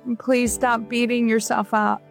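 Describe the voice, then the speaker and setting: A woman hosting a call-in radio show as a psychic medium, giving gentle, reassuring readings to callers. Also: fairly high pitch, unhurried, gravelly, soft background music. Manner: warm reassuring, relays messages in a gentle steady flow.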